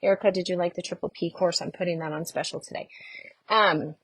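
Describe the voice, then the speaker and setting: A middle-aged woman coaching on a live stream, chatty and animated, who greets viewers by name as she talks. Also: fairly low pitch, fairly quick, slightly rough, dry recording. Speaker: network marketing coach.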